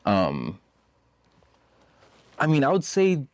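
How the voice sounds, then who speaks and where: A man's voice: a little high, wildly swooping pitch, slow pace, clear, resonant tone, no room sound. A man in his twenties from Zambia, a musician guest in a casual interview, talking emphatically with lots of repetition and "you know". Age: 20s. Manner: emphatic, repeats himself, many "you know"s.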